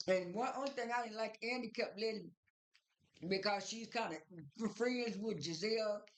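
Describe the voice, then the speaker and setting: A vlogger giving a casual spoken recap of a TV episode, halting often with repeated fillers and restarts. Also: mid-range voice, reverberant.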